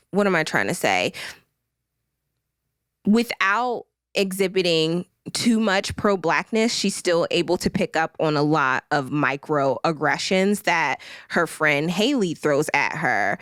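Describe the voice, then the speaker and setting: A woman podcast host who chats casually about a book in a rambling, slangy, animated way and reads passages aloud. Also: fairly low pitch, smooth, no echo, studio quality. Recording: music playing behind the voice.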